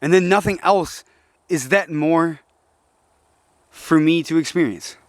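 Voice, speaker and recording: A young man rambles in an agitated, profane monologue, preaching at his listeners one moment and muttering in low frustration the next. His voice sits fairly high for a man. The sound is dry and close, with no room around it. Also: slow, dry recording. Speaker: vlogger.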